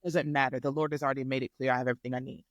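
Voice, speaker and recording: A woman guest on a podcast, a life coach, telling a faith testimony in an animated, emphatic way and acting out the dialogue. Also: extremely low pitch, racing, no room sound, studio quality. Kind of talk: faith testimony storytelling in casual chat.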